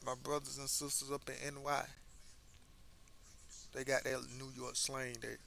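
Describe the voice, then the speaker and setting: Man, gravelly edge, bright tone, emphatic casual commentary, faint background hiss. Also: medium pitch, completely flat delivery, measured pace. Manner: conversational, emphatic, repeats words when restarting. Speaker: commentary host. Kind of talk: casual social commentary monologue.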